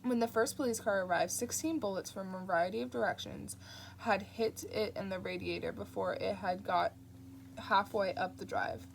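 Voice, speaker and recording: A woman narrating an audiobook in a steady, plain reading voice. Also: medium pitch, normal speed, creaky, a little hiss or hum. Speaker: audiobook reader.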